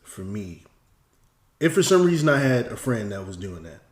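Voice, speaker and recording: A man in his thirties talking in a reflective, measured way in a casual podcast discussion. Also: fairly low pitch, very animated. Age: 30s. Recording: echoey room.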